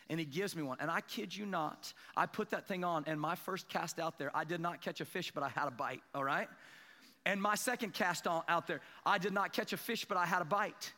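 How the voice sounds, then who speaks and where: A man preaching a sermon, telling a self-deprecating fishing story and building to excited emphasis. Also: fairly high pitch, brisk, in a large hall. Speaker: pastor. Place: church sanctuary.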